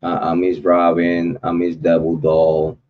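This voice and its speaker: Slow, deep-voiced man rambling on a stream. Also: monotone, phone-quality sound. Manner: loose, repetitive, heartfelt slang-filled rambling. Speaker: true crime livestream host. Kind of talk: casual livestream chat with viewer shout-outs.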